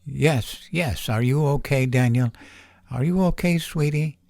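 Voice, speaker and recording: A man's voice: mid-range voice, unhurried, vocal fry, a little mellow, no echo, studio quality, pitched above the performer's own voice. A man doing a frightened, fretful woman. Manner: anxious, muttering, pleading.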